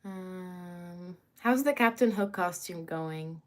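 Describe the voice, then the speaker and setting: A woman's voice: lowish voice, moderate pace. A young woman hosting a casual livestream from home, chatting to viewers and greeting them by name, with plenty of filler words. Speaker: livestream host.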